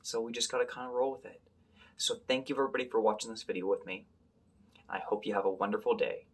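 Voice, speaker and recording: This man reads a picture book to his young pupils and guides a calming breathing exercise, speaking quickly in a medium-pitched, husky voice. He encourages them gently and frequently drops to a soft whisper.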